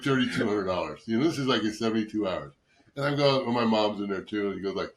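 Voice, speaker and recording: A man's voice: fairly low pitch, fast talker, reverberant. A man in his sixties, a guest on a podcast, telling long casual anecdotes, swearing and acting out what others said. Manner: rambling anecdotes, swears, acts out quoted voices. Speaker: guest, former football player. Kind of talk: casual storytelling interview.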